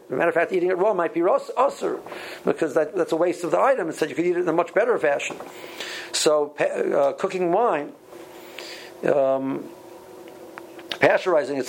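A man teaching a Talmud class, speaking haltingly with many repeated words and ums. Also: on the high side, gravelly, slight background noise, rough recording. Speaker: Torah teacher.

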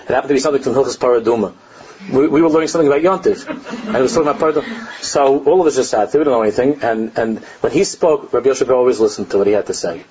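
An older rabbi teaches a Torah class in a racing, slightly mellow, medium-pitched voice, telling stories animatedly and laughing at his own anecdotes. He mixes Hebrew and Aramaic phrases into his English, and the recording is dull and lo-fi.

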